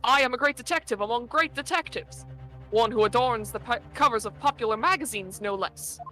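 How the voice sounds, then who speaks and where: A woman voicing a boastful male detective in a put-on British accent that slips into Australian, speaking slowly and grandly. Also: fairly high pitch, pushed and bright, faint music behind. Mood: pompous. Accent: put-on British slipping into Australian. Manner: grand, self-important, slow declaiming.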